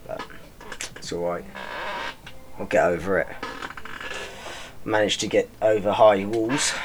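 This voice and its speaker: Sweary, deadpan young man. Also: fairly low pitch. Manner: deadpan, self-mocking, swears freely. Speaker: podcast host. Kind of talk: rambling comic monologue.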